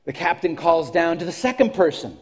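A man's voice: fairly high pitch, sing-song, fairly quick, husky. A man preaching a sermon in a church, telling a story with frequent restarts. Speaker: pastor.

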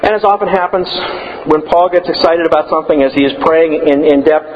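A man preaching a sermon, emphatic and building to loud declarations. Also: on the high side, fast, in a large hall, highs cut off, slight background noise.

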